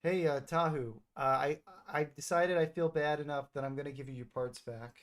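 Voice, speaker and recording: A man's voice: fairly high pitch, fairly even intonation, moderate pace. A man streaming, chatting casually and teasingly with frequent hesitations. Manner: playful, teasing, hesitant with many fillers. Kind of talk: casual gaming chat with an AI character.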